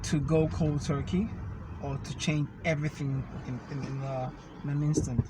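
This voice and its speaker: Man, fitness talk, patient step-by-step explainer, slightly high voice, car noise behind. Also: fairly even intonation, normal speed. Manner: explains step by step with homely analogies. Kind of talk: casual conversation. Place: inside a car. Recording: noisy car recording.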